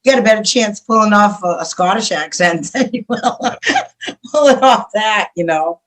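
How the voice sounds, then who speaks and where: A middle-aged woman, herself a radio host, appears as a guest on an interview show and speaks her mind frankly and at length. Her voice is mid-range at a normal speed, and she laughs easily throughout the casual chat.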